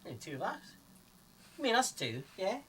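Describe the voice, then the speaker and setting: A man's voice: high voice, huge pitch swings, a little fast, fairly bright tone, slight background noise, heavily acted. A man doing a chummy Cockney adventurer. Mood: wry. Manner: chummy, casual slang. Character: tall gangly male adventurer.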